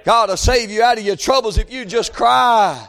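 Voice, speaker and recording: A male preacher with a strikingly high voice delivers a fervent revival sermon to a church congregation. He often rises to a shout and keeps punctuating his lines with amen and hey. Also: normal speed. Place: church service before a congregation.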